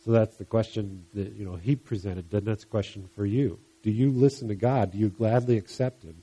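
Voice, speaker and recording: A man preaching a sermon in an earnest, conversational way, pushing into emphatic bursts and often restarting his phrases. His voice is dark and mellow, with a husky edge. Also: on the low side, brisk.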